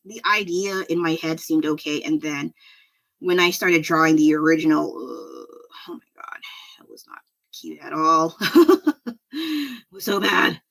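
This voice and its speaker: A woman's voice: lowish voice, a bit bright. A middle-aged woman chatting casually while she draws on a livestream, rambling and self-deprecating, laughing often. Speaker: artist streaming a drawing session. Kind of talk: casual chat while drawing.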